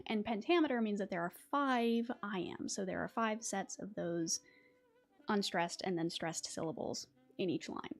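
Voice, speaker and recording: Chatty woman host with faint music behind. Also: medium pitch. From West Virginia. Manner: chatty, laughs often, many fillers and restarts. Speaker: YouTube host. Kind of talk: casual livestream chat and poetry reading.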